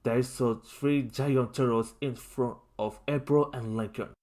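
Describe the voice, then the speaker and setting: A narrator reading a homemade fan story aloud in a halting, stumbling way. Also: medium pitch, fairly even intonation, a little mellow.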